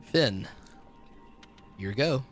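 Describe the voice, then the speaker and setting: A man narrating as game master of a tabletop game, relaxed and descriptive with plenty of fillers. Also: mid-range voice, extremely slow, soft background music.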